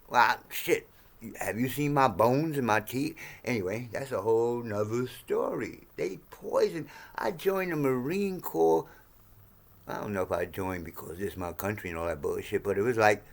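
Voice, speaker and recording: A man in his sixties ranting to camera in a profane, heated monologue, swinging between low mutters and sudden shouts. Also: lively intonation, measured pace, gravelly. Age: 60s. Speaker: vlogger.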